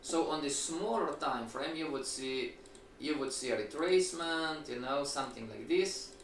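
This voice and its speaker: A fairly high-voiced man teaches a trading class with lively rhetorical questions. He sounds set back from the mic in an echoey room. A faint hiss runs under his voice. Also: normal speed, recorded from a distance. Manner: animated, rhetorical questions, acts out students' replies. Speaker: trading instructor. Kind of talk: live-streamed lecture.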